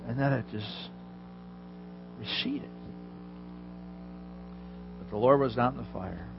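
A man's voice: mid-range voice, slow pace, gravelly, long pauses, dull audio, faint music behind. Man preaching a conversational sermon. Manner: conversational, vivid storytelling with asides to listeners. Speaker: pastor.

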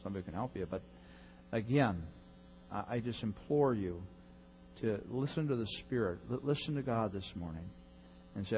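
A man's voice: fairly low pitch, lively intonation, normal speed, pauses often, big-room sound, lo-fi sound, slight background noise. A man preaching a conversational sermon as pastor, chatty and joking with many fillers and asides.

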